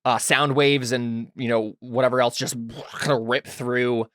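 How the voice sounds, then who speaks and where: A man's voice: mid-range voice, flat delivery, measured pace, a bit bright, no echo, clean studio sound. A man running a tabletop role-playing game, talking loosely with many fillers and asking the players what they do. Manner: loose, filler-heavy, asks players questions. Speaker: game master.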